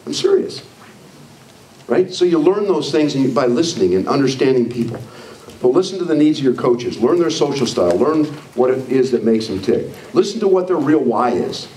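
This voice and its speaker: Speaking at a normal pace with a medium-pitched voice, a male leadership trainer gives an energetic motivational talk to a live audience and acts out quoted people in animated voices. The recording comes from a distant mic in an echoey hall, with faint noise.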